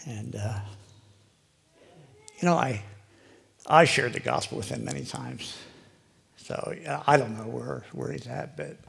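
A man's voice: mid-range voice, measured pace, gravelly, long pauses, fairly bright tone, breathy edge. An older man giving a rambling, conversational personal testimony to a live audience, heavy with "you know". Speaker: lay preacher giving a testimony.

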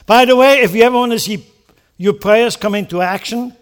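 High-voiced preacher giving a lively sermon. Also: male voice, a little fast, clean tone. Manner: animated preaching with rhetorical questions and acted-out prayers. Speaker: pastor.

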